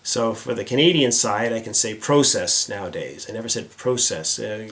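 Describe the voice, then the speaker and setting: A man's voice: on the low side, fairly quick, fairly bright tone. A middle-aged man from the United States hosting a casual vlog, chatty and self-deprecating, with frequent filler words. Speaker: vlog host. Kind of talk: casual direct-to-camera vlog.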